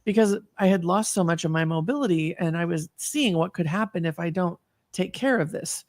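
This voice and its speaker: A woman in her fifties, appearing as a guest in an online talk, tells her personal story in an earnest, reflective way, full of fillers and restarts. Her voice is fairly low and a little mellow, she speaks a bit fast, and there's no echo.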